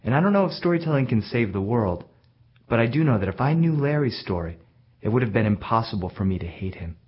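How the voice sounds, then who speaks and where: A male storyteller telling a story from his own childhood in a plain, reflective way with gentle self-mockery. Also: mid-range voice, sing-song, fast talker, breathy edge. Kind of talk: told personal story. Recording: dull lo-fi recording.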